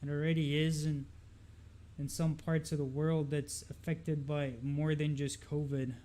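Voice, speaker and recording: A young man from Lebanon talks loosely over trading charts on a live stream, pitched a touch above most men. He drifts and repeats himself, filling pauses with ums and asides. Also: little pitch movement, dark tone. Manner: loose, rambling, lots of fillers and repeats. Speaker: market analysis streamer.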